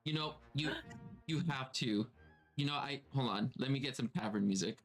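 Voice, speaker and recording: A man narrating as game master of a tabletop role-playing stream, playful and quick to laugh. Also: medium pitch, faint music behind.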